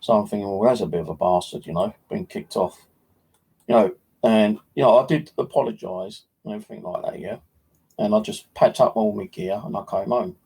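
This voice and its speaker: Speaking fairly quickly in a voice on the low side that's creaky, mellow, and edged with breathiness, this man recounts his day detecting to the camera. The audio is poor, and as a metal detecting vlogger he rambles conversationally with plenty of fillers and slang.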